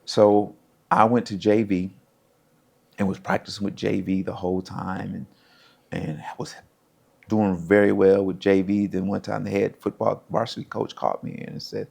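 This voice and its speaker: His voice sits on the low side with vocal fry and a slightly rough texture, moving at normal speed. An American former pro footballer in middle age, he casually recounts life stories and acts out the quoted voices with animation.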